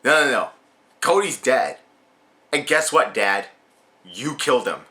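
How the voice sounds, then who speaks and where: A man's voice: mid-range voice, very animated, unhurried, bright, forceful tone. A man voicing a bitter, vengeful grown son ranting at his father. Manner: resentful ranting monologue.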